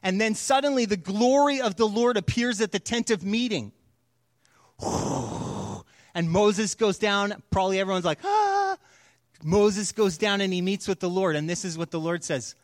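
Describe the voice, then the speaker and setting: A man's voice: high voice, normal speed, no room sound, clean studio sound. A man preaching a sermon, telling stories in a conversational, casual way. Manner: conversational storytelling. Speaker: pastor.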